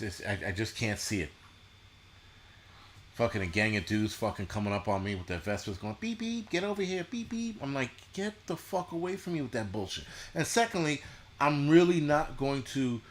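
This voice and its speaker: A man hosting a casual livestream, ranting bluntly and profanely with mocking asides and halting restarts. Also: lowish voice, fairly bright tone. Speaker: show host.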